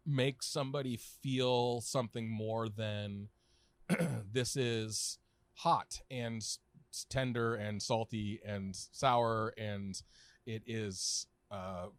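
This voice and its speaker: A man's voice: medium pitch, fairly bright tone, dry recording. Rambling man, dry close sound. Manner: rambling with many restarts and fillers, quick laughs. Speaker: podcast guest, food writer and editor. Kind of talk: casual conversational chat.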